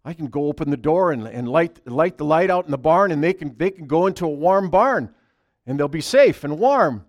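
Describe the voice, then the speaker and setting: A man voicing an honest, kindly farmer who frets and pleads, with loud outbursts. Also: on the high side, expressive, normal speed, close to an everyday voice. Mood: hopeful. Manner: fretful, pleading, bursts out loud. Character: honest middle-aged male farmer, doubting but kind.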